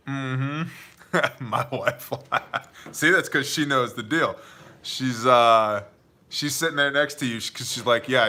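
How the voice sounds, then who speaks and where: Bright-voiced man hosting a casual live Q&A. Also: medium pitch. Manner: joking, chummy, addresses chatters as man and brother. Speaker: livestream host answering viewer questions.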